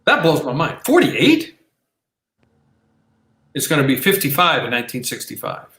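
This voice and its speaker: A man's voice: mid-range voice, fast, bright, forceful tone. Rambling man podcasting in an echoey room. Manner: rambling, with frequent restarts and filler. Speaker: podcast co-host. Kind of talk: casual conversational podcast. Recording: roomy echo.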